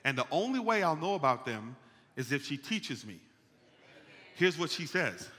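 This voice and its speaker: Animated pastor in an echoing hall. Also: male voice, fairly high pitch, normal speed. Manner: animated, playful, calls out to the congregation. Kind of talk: conversational sermon. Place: church sanctuary. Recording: long church hall reverb.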